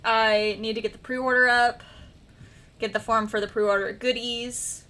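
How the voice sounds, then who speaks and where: A woman's voice: on the high side, flat delivery, measured pace, bright, forceful tone. A young woman from the American Midwest with a slight Midwestern accent, chatting casually and rambling on a livestream while she edits her book. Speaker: author livestreaming her editing.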